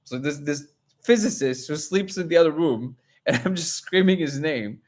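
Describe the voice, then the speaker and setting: A man hosting a live discussion, telling a personal story in an animated way and acting out quotes. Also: on the high side, moderate pace. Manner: animated, acts out quotes, many restarts. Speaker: host.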